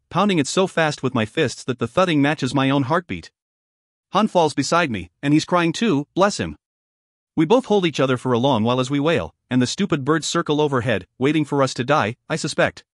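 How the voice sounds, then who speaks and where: A man narrating a first-person fantasy audiobook with expressive storytelling. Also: fairly high pitch, no room sound, clean studio sound.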